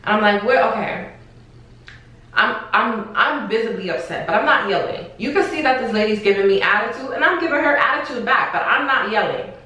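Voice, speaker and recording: Animated young woman in an echoey room. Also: on the high side, brisk. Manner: animated, exasperated storytelling with slang and cursing. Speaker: vlogger. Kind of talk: casual storytime vlog. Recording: echoey room, far from the mic.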